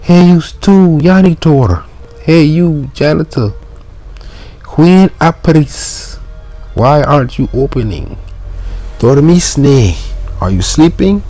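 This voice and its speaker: A man putting on a shouting impatient mailman. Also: fairly high pitch, animated, slow pace, pauses often, faint music behind, voice pushed up. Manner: shouting, demanding. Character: loud impatient male mailman banging at a door.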